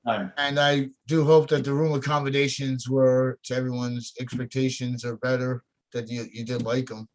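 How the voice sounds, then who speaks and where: A man's voice: medium pitch, level tone, moderate pace. A man chatting casually on a group video call, folksy and rambling, who often restarts his sentences. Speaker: contest organizer.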